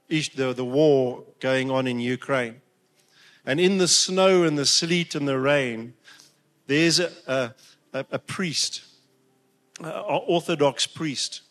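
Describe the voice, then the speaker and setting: A man preaching a heartfelt sermon, emotional at times, with halting restarts and rising emphatic peaks. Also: medium pitch, fairly bright tone.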